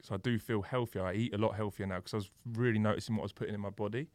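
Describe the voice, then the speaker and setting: A man's voice: on the low side, racing, no echo. Young man, dry close mic. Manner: animated storyteller, swears freely, acts out the people in his stories. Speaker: podcast guest. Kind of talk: casual podcast chat.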